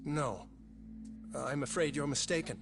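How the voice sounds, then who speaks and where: A hesitant, guilt-ridden scientist. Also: male voice, fairly high pitch, a little slow, vocal fry. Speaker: research scientist. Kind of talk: dubbed game dialogue. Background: dramatic game music.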